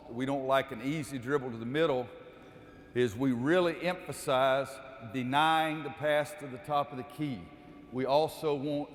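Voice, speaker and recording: A man running a basketball coaching clinic, calling out cues during drills and explaining the defense to the audience. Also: medium pitch. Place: gym. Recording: echoey gym with long reverb.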